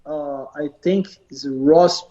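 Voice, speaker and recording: A man from Brazil with a Brazilian Portuguese accent, answering interview questions in halting, repetitive English. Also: a little high, dark tone, muffled recording. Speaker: professional fighter.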